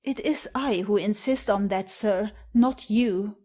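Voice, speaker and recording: A woman reading the part of a proud, respectable gentleman protesting indignantly against an accusation. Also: medium pitch, slow pace. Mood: outraged. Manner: outraged, stammering protest. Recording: dull lo-fi recording.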